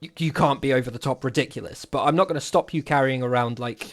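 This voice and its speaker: A man's voice: mid-range voice, fast talker. A man with a Welsh accent running a tabletop game as game master, voicing a merchant and explaining rules in a casual, laughing way.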